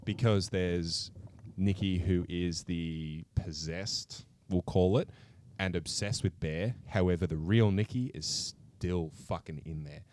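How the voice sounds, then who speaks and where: A man co-hosting a podcast, retelling a film plot in an animated, sweary way. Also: deep voice, a little slow. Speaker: podcast co-host. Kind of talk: casual chat.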